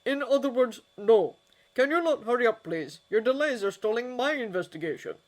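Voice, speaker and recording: A woman voicing a brisk, sarcastic male wizard investigator in a fanfiction audiobook. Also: high voice, lightly acted.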